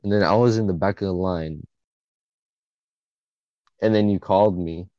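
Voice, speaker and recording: Deep-voiced young man, rambling story. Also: moderate pace, no echo, muffled recording. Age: late teens. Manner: emotional, rambling, heavy swearing and filler "like". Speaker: podcast co-host. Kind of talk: casual storytelling chat.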